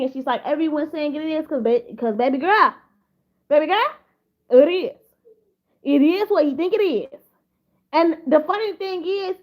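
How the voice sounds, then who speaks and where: A woman giving casual drama commentary to camera, rambling and profane, with many repeated restarts. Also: sits high. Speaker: commentary vlogger.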